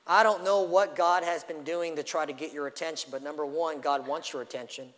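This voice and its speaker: A man's voice: on the high side, steady tone, fairly quick. Man preaching in a big echoing hall. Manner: dynamic preaching, storytelling with acted quotes, swings from loud to hushed. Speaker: pastor. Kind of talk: sermon. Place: church sanctuary. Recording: long hall reverb.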